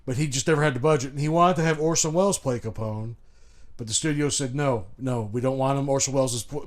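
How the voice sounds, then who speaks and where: A man from Chicago co-hosting a podcast over a remote call, rambling and profane, full of restarts and asides. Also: medium pitch. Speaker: podcast co-host. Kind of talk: casual chat.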